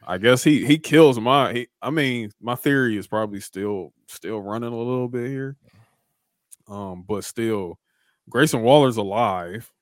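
A man's voice: mid-range voice, measured pace, no room sound, clean studio sound. A man co-hosting a podcast, talking casually and swearing freely, acting out wrestlers' lines as he recaps the show. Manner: laid-back, swears freely, acts out quoted wrestlers. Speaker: podcast co-host.

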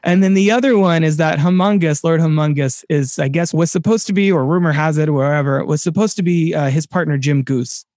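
A man co-hosting a casual film podcast, talking in an animated way with many restarts and sudden bursts of excitement. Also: a little high, fairly quick, hardly any pauses, no room sound, clean studio sound. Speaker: podcast co-host.

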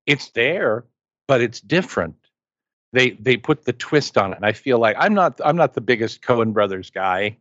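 A man's voice: medium pitch, expressive, moderate pace, a bit bright, no room sound. Chatty man talking movies on a dull mic. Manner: enthusiastic, rambling, with playful asides. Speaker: podcast co-host. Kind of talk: casual movie chat.

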